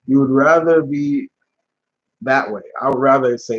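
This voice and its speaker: Husky-voiced man ranting on a live stream. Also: medium pitch, measured pace. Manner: blunt and heated, swearing, with many restarts. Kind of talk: casual live-stream talk. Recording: dull lo-fi stream audio.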